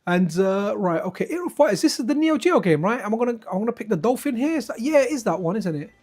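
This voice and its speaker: A man's voice: high-pitched, very animated, quick pace, darkish tone. A man, hosting a retro gaming livestream in casual, rambling chat with viewers. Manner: rambling, laughing, chatty with viewers. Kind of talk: casual gameplay commentary and chat. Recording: faint game music behind.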